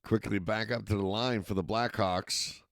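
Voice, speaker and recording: Male play-by-play announcer, Massachusetts accent, low voice, dry close mic. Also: moderate pace, gravelly, no room sound. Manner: steady play-by-play, rising excitement on scoring plays. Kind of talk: youth football commentary.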